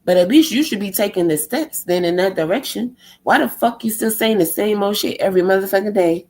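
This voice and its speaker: A woman rants on a live stream in a blunt, heated, profanity-filled way. Her voice is medium-pitched for a woman and mellow, and she talks fairly quickly.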